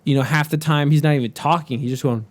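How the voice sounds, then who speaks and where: A man in his thirties co-hosting a casual podcast chat, blunt and quick to swear. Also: a little high, fairly even intonation, no echo. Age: 30s. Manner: blunt, swears freely, mocks slow talkers. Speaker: podcast co-host.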